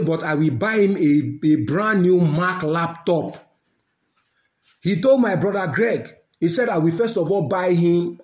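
A man with a Nigerian accent delivering a heated, repetitive monologue to his listeners, slipping into pidgin and Yoruba. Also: a little high. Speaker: website founder addressing listeners.

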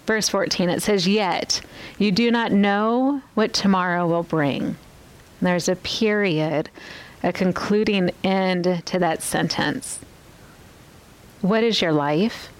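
A woman's voice: mid-range voice, low-quality recording. A woman teaching from the Bible in a podcast talk. She speaks earnestly and often turns to ask the listener questions.

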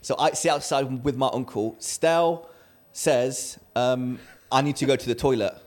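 A man co-hosting a podcast, telling a story in casual chat and acting out the quotes with lively energy. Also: mid-range voice, unhurried. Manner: animated storyteller, acts out quotes. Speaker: podcast co-host.

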